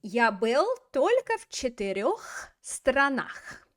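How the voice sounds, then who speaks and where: A woman voicing an imagined older Soviet leader who gives slow, plain, measured answers. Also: on the high side, very animated, fairly bright tone, full character voice. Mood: matter-of-fact.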